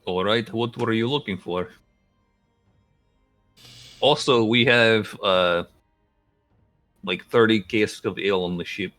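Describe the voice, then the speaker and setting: Male player, very low voice, casual in-character lines, faint background music. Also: slow pace, long pauses, fairly bright tone. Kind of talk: casual tabletop play.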